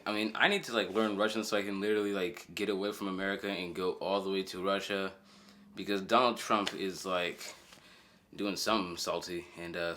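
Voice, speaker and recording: A man's voice: fairly low pitch, fairly bright tone. A young man hosting a jokey, rambling origami tutorial from his bedroom, with mock-dramatic asides. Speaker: channel host. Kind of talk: goofy origami tutorial vlog. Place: bedroom, at a bare mattress.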